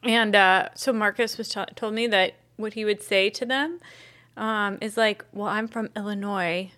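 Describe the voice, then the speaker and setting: A woman's voice: medium pitch, steady tone, unhurried, sharp tone. A woman co-hosting a casual podcast, giggly and casually swearing. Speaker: podcast co-host. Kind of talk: casual chat.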